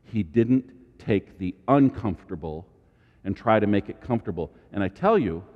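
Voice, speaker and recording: A man preaching a sermon as pastor, animated, with dramatic asides and sudden high exclamations. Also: moderate pace, big-room sound, dull audio.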